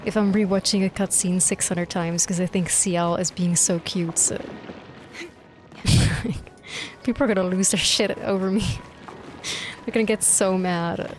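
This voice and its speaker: A young woman streamer reacting live to a game, excitable and gushing, swearing freely. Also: mid-range voice, measured pace, a little hiss or hum. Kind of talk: live gameplay reaction commentary. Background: faint game music.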